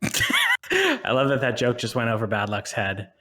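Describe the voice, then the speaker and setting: A man's voice: mid-range voice, huge pitch swings, measured pace, sharp tone. A man co-hosting a live stream and commentating a competitive video game match, joking and laughing often between play-by-play.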